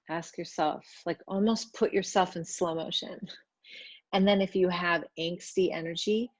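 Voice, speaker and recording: A woman's voice: lowish voice, normal speed, no echo, muffled recording. Chatty woman giving a spiritual talk. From Italian family background. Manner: loose and chatty, with many fillers; works at speaking gently. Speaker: spiritual astrology speaker. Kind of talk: casual spiritual talk to viewers.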